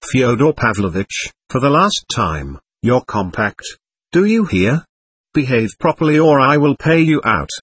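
A man reading as an irritated proud gentleman. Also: mid-range voice, very animated, measured pace, breathy edge, exaggerated voice.

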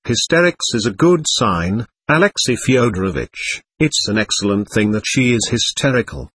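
A man reading the lines of a fussy, excitable middle-aged lady who gushes in breathless exclamations. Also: mid-range voice, moderate pace, breathy edge. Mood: flustered.

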